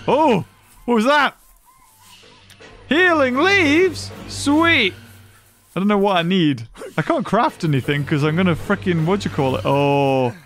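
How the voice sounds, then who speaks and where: An excitable man giving let's-play commentary, full of sarcastic asides and sudden exclamations. His voice is high for a man, and his pitch swings widely. Game music plays faintly behind him. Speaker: gaming YouTuber.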